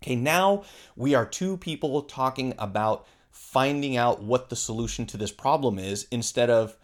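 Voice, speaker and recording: Shop owner, man, relaxed conversational teaching tone, quotes customers in passing. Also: medium pitch, moderate pace. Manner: conversational, acts out customer dialogue with fillers. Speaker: phone repair shop owner. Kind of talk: casual instructional talk.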